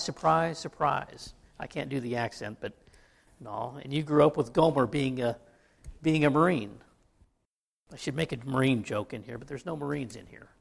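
A man delivering a sermon in an easygoing, conversational way. His voice sits a little high and carries a gravelly fry. He jokes with his congregation and often stops to restart a phrase. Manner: folksy, joking, with frequent restarts. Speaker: pastor.

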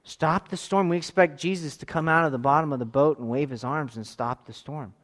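Guy preaching, kinda higher voice, goes from yelling to real soft and close. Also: steady tone, fairly quick. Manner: swings from shouting to quiet intimate tones. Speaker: pastor. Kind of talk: sermon.

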